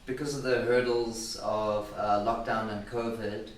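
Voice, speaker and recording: A man vocalist being interviewed, explaining things in a measured, reflective way with a joking side. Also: on the low side, level tone. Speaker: band vocalist guest. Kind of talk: casual interview chat. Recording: roomy distant mic, faint noise.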